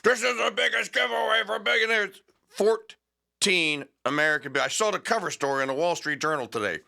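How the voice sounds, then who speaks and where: A man's voice: sits high, brisk, gravelly, bright, forceful tone. A man hosting a talk show, reading news aloud with sarcastic, rambling asides and stalling with fillers while he hunts for names. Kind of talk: opinionated talk radio monologue.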